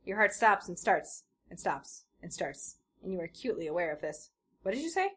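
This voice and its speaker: A woman's voice: fairly low pitch, a little fast, fairly bright tone, slightly rough. Woman theatrically reading fan fiction. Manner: theatrical, breaking into laughter. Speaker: podcast host.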